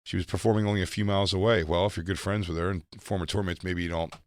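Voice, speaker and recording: A man co-hosting a podcast, trading dark jokes in casual chat and laughing often. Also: deep voice, steady tone, very fast. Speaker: podcast co-host.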